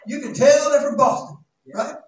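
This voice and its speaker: Male pastor, high-voiced, dramatic and folksy, heard from far in a big echoing sanctuary. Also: moderate pace. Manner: dramatic, shouting at peaks, folksy asides. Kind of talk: sermon. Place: church sanctuary. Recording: echoey church, distant mic, faint noise.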